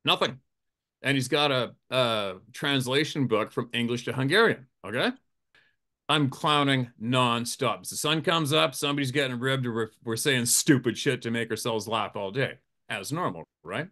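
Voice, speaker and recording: A man who works as a hunting guide, telling a profane, animated campfire story, laughing often and acting out the quotes in a raised voice. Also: medium pitch, moderate pace. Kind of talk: casual storytelling. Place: campfire outdoors.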